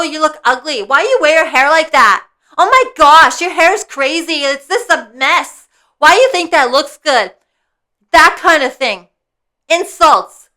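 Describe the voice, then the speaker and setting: A woman's voice: high voice, pushed and bright. A woman in her fifties talking earnestly in a casual spiritual vlog, repeating herself and checking in with "okay?" over and over. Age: 50s. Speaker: vlogger. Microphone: personal mic.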